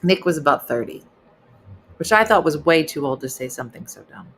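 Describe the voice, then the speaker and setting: A middle-aged woman hosting a casual livestream chat, playful and teasing with deadpan asides. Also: low-pitched, fairly quick. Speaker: host.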